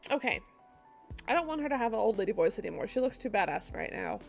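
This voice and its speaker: Gravelly-voiced woman streamer musing aloud. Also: fairly high pitch. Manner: musing aloud, self-mocking. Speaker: streamer playing a story game. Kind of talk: casual live-stream commentary.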